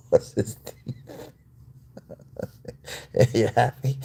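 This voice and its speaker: A man's voice: medium pitch, steady tone, extremely slow, creaky, long pauses, warm tone, a little hiss or hum. A man hosting a casual livestream, cooing to his pet cat and reading out viewer comments. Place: at home.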